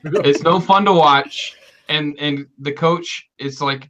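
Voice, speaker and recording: A man's voice: a little high, slow, fairly bright tone, low-quality recording. A man chatting casually on a livestream, a little tipsy from beer, ranting in rowdy banter. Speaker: livestream co-host. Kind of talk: casual chat.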